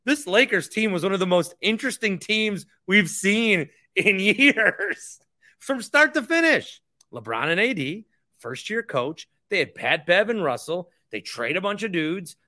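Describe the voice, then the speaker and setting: A young man talking sports on his podcast with a bright, forceful voice pitched a bit high. He rants in a heated way and repeats himself as he gets worked up. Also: expressive, a little slow. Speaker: podcast host. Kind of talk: casual sports talk monologue.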